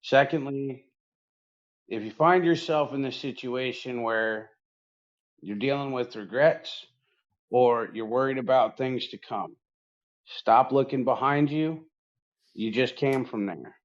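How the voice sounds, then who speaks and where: A man's voice: mid-range voice, slow, pauses often. A man co-hosting a casual podcast, laid-back, cursing freely, giving an earnest little pep talk. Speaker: podcast co-host. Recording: dull lo-fi sound.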